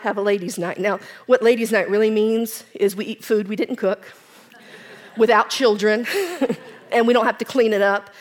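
A woman giving an earnest personal testimony as a church speaker, swinging from strong declarations to soft, near-whispered reflection. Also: medium pitch. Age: adult with children. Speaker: women's ministry speaker.

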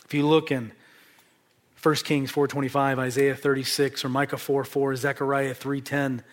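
A middle-aged man preaching a sermon, stressing words hard and then dropping to a hush. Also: mid-range voice, little pitch movement, normal speed. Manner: emphatic, dramatic shifts between loud stress and hushed whispers.

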